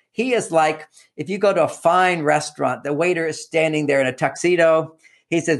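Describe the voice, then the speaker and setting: A fairly high-pitched man with a gravelly edge gives relationship advice as an interview guest. He talks animatedly, repeats his words for emphasis and slips into acting out little exchanges. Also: moderate pace. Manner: repeats words, acts out quoted lines.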